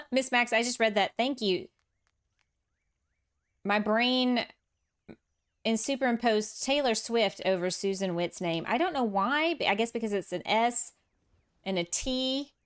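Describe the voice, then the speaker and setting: Soft game music plays as a woman builds in a farming game and chats with viewers, reading their comments aloud and answering. She's self-deprecating and laughs often, her voice on the high side, measured in pace, with frequent pauses.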